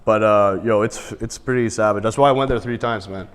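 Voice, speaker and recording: A podcast guest with a lowish, smooth voice talks briskly, sounding like he's in a large hall. In a casual, profane chat he tells stories, often laughing mid-story and acting out what other people said.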